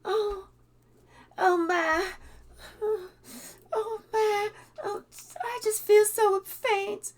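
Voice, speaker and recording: Woman doing a fake-sweet granny, high and fluttery. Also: steady tone, drawn-out words, pauses often, exaggerated voice. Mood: syrupy. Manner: sugary, fluttery, faint-sounding. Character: fake sweet grandmotherly woman, secretly vicious.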